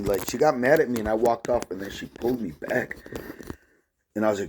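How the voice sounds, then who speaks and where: A man with a fairly low voice rants to his viewers in an agitated, rambling way, swearing in nearly every sentence. The talk is loose and unscripted, a casual vlog monologue. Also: fast, darkish tone, slight background noise. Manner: profane, agitated, rambling storytelling. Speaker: vlogger.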